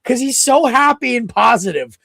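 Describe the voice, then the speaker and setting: A man co-hosting a sports podcast, chatting casually and excitably, rambling with lots of restarts. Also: very high-pitched, moderate pace, gravelly, dry recording, clean studio sound. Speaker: podcast co-host.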